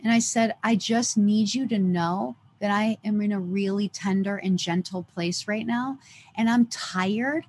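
A woman's voice: mid-range voice, unhurried, a little hiss or hum. Woman guest on a podcast telling an emotional story, earnest, acts out the quotes. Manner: earnest, lively retelling with quoted dialogue.

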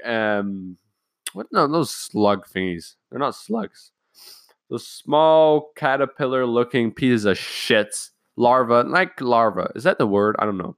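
A young man with a lowish voice rambling through a story, cursing freely and talking offhand. The sound is close and dry, with no room echo. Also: lively intonation, measured pace. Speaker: vlogger. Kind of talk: casual storytelling.

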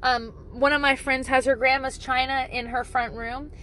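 A woman's voice: high voice, level tone, moderate pace, bright, forceful tone, slight background noise, poor audio. A woman talking casually to camera with parenting advice, blunt and profane, joking and exaggerating as she goes.

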